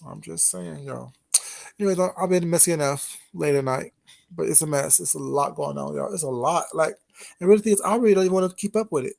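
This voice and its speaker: Speaking briskly in a fairly high, gravelly voice with a slightly mellow edge, a man chats with his livestream audience late at night. He keeps it casual, swapping teasing gossip and laughing frequently.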